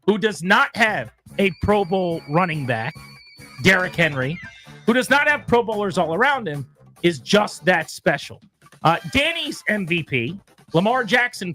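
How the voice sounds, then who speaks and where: Co-hosting a sports radio show, this man speaks in a high, pushed, bright voice, making his case like a lawyer in a mock courtroom argument. He emphatically rattles off statistics as if delivering a closing argument.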